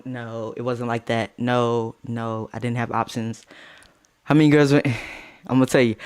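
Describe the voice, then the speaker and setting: A young man telling a casual storytime tale in a lively, slangy way, laughing as he goes. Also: medium pitch, clean tone.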